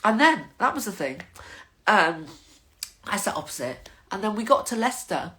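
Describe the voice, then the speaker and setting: A woman's voice: mid-range voice, big pitch swings, moderate pace, bright, forceful tone. An older woman, chatting casually to her viewers in a rambling, waffling monologue as the host of her own vlog.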